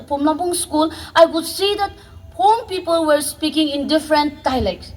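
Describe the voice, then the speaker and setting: A woman's voice: high-pitched, rough recording. A woman, addressing young viewers earnestly and passionately. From Northeast India. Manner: impassioned, exhorting, with restarts. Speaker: vlogger.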